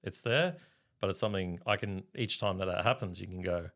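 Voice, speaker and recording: A man's voice: deep voice, brisk, fairly bright tone. A man co-hosting a podcast, talking earnestly and reflectively in casual chat. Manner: earnest, reflective, laughs easily. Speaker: podcast co-host.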